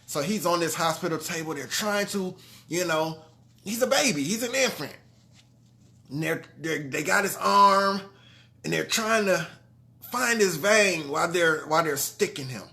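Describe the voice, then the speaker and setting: A man's voice: sits high, animated, normal speed, gravelly. A man telling a heartfelt personal story to his audience, earnest and conversational, often checking in with "you know what I'm saying". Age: adult father of grown sons. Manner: trailing restarts and soft drops in level.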